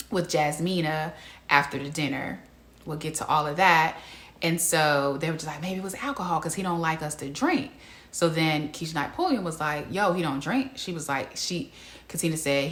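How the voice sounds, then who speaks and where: A chatty woman hosts a reality TV recap with a bright, forceful voice pitched a little low. She talks animatedly, breaks into other people's voices and laughs along. Her voice bounces off a roomy, echoey space. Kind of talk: casual reality show review.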